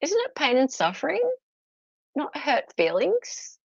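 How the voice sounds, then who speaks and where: A woman's voice: high-pitched, wildly swooping pitch, measured pace, creaky, no echo, muffled recording. Chatty Australian woman live-streaming. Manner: chatty, laughs often, answers chat viewers; mocks posh barristers in put-on voices. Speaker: live-stream host reviewing a court trial. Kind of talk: casual live-stream commentary.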